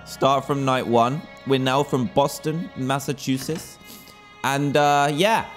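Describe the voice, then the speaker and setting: A young man commentating a horror game as he plays, jumpy and quick to panic at the scares. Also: medium pitch, steady tone, faint music behind. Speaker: gaming YouTuber.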